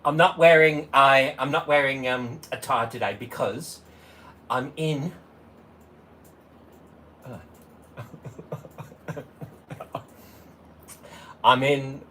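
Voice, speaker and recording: A chatty man runs a casual livestream, rattling off hellos to viewers by name. He talks in a relaxed, unhurried way and keeps breaking into laughter. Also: a little high. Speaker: livestream host.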